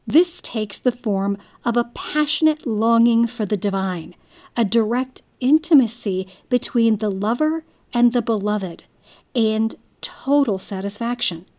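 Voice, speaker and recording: A woman giving a scripted narration, reading in a measured, deliberate way. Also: fairly high pitch, darkish tone.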